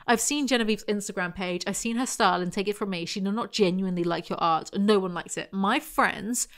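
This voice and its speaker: A woman's voice: medium pitch, fairly quick, lightly acted. Woman reading as a curt, sarcastic girlfriend. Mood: scornful. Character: fussy woman in her thirties, a girlfriend.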